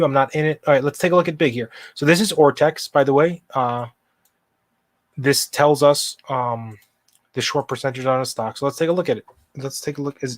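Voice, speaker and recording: A man hosts a live stock market stream, walking viewers through charts with impassioned emphasis and responding to the chat. His voice sits in the mid range, with no echo.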